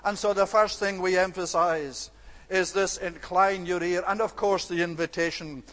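High-voiced man preaching in a reverberant hall. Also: fairly even intonation, fairly bright tone. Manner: earnest, measured, slows to stress scripture words. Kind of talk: expository sermon. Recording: long reverb of a large hall.

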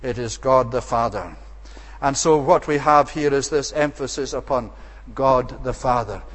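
A man's voice: mid-range voice, measured pace, fairly bright tone. A man preaching an expository sermon with emphatic, repetitive rhetorical phrasing. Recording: long hall reverb.

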